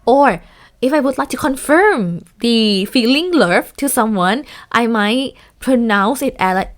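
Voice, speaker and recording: A woman teaching a lecture, speaking in halting sentences with many fillers and restarts. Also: a little high, expressive.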